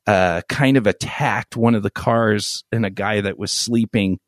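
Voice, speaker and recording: A man's voice: fairly low pitch, measured pace, no room sound, studio quality. A man co-hosting a crude podcast, telling a rambling, profane story full of fillers. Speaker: podcast co-host. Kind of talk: crude casual podcast banter.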